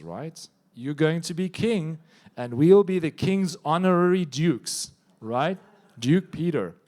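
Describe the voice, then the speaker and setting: A man's voice: on the high side, darkish tone. A man preacher voicing an adult male disciple who pleads insistently with his teacher.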